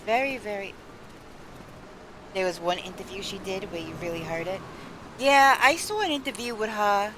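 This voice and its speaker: A woman's voice: medium pitch, moderate pace, long pauses, noisy background. A woman with a New York accent chatting casually while she streams a zombie shooting game. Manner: chatty, animated, lively storytelling. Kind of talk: casual gameplay chat. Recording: loud game gunfire under voice. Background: zombie shooter game sounds and gunfire.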